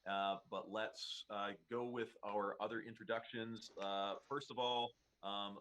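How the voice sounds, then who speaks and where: A man narrating as dungeon master of a tabletop game on a live stream, halting and full of uh and um fillers. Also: lowish voice, flat delivery, a bit bright.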